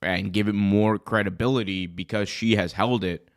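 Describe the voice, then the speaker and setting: Young guy hosting a wrestling stream, a bit hoarse, lowish voice, rambles and corrects himself. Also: steady tone, normal speed. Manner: rambling, self-correcting, chatty. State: hoarse, recovering from illness. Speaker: wrestling show host. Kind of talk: casual live-stream commentary.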